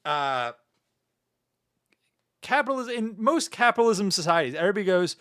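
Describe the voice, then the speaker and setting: A man's voice: sits high, very animated, moderate pace, fairly bright tone, some chatter behind. A man streaming casually, joking and ranting as he chats with viewers and drops "meow" into his sentences. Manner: joking, rambling, tacking "meow" onto sentences. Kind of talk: casual livestream chat.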